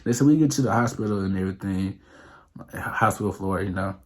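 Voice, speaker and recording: A young male vlogger with a low voice talks briskly through a rambling, profane storytime monologue, packing it with fillers.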